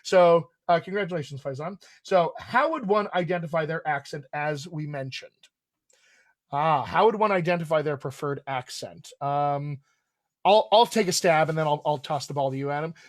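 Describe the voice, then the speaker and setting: A man's voice: on the high side, moderate pace, dry recording. A man with a General American accent, hosting a live question-and-answer chat as a dialect coach, enthusiastic and full of restarts.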